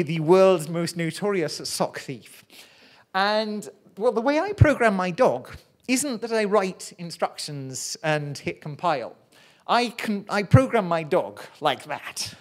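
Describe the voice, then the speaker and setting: A presenter giving a public science talk at a live pub event, chatty, rambling and self-deprecating. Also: medium pitch.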